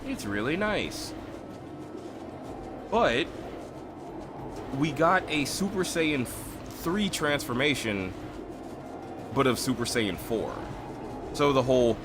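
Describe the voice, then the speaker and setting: Excitable streamer guy, lively voice. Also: mid-range voice, slow, long pauses, noisy background. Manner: excitable, retells scenes with big shouted voices. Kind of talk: casual chat.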